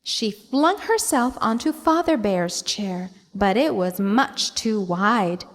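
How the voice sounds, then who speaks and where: A woman's voice: mid-range voice, animated, slow. A woman, a teacher narrating a children's storybook expressively.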